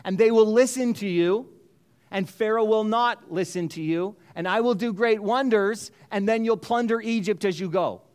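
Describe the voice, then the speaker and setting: A man voicing God as a solemn, commanding male figure, slow, loud and proclaiming, in a retold story. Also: sits high, smooth, pitched above the performer's own voice, natural voice.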